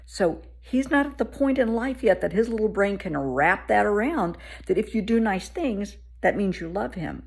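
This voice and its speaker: A woman in her fifties, a therapist, telling an everyday story to camera in an animated, earnest way. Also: mid-range voice, moderate pace, creaky, hardly any pauses, husky. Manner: animated, warm-hearted storyteller.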